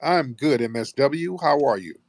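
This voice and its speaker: A man's voice: mid-range voice, lively intonation, normal speed, a little hiss or hum. Blunt, combative male radio host. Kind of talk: heated live call-in show.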